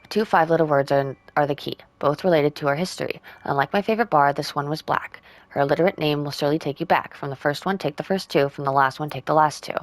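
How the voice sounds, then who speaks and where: A woman playing a puzzle game, reading in-game letters aloud and working out clues with quiet asides. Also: sits low, fast, few pauses, no room sound. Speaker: game streamer.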